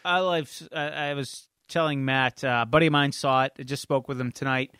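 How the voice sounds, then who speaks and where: A man's voice: mid-range voice, fairly quick, fairly bright tone, clean tone, no echo, clean studio sound. A man co-hosting a podcast, chatty and joking as he gives his opinions. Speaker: podcast co-host. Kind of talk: casual chat.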